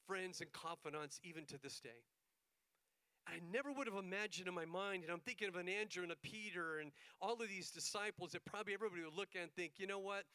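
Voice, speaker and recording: A man's voice: high-pitched, sharp tone, no echo, rough recording. A middle-aged male pastor telling a story in a sermon, acting out the dialogue as he goes.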